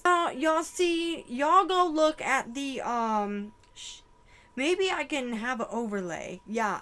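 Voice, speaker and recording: A woman's voice: mid-range voice, fairly bright tone. A young woman giving an emotional channeled psychic reading, full of exclamations and swearing. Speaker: tarot reader.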